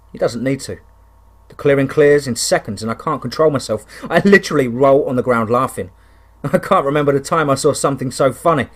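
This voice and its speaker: A man reading a first-person wilderness horror story in a steady, conversational way with dry touches of humour. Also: mid-range voice, fairly quick.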